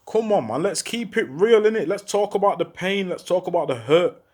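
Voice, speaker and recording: Urgent high-voiced talker. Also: male voice, expressive, moderate pace. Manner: urgent, repeats rhetorical questions, heavy street slang. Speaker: former prisoner speaking out. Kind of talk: impassioned monologue to camera.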